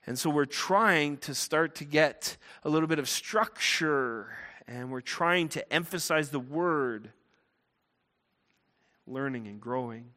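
A man preaching a sermon as a pastor, earnest and emphatic, turning quiet and low in prayer. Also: animated, takes it slowly. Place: church sanctuary. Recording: long hall reverb.

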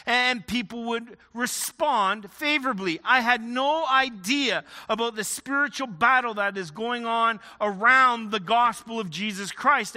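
Bright-voiced man preaching in a reverberant hall. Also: very high-pitched. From Ontario, Canada. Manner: conversational, with frequent restarts. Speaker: pastor. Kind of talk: sermon with personal storytelling.

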